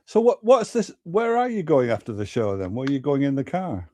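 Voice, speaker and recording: A man's voice: medium pitch, sing-song, fairly quick, a little mellow, dry recording. A man co-hosting a casual chat, asking curious questions.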